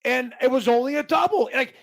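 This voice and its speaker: A former baseball player with a very high, creaky, slightly bright voice talks briskly on a podcast in casual sports chat. He rambles, swears, and keeps restarting as he recalls games.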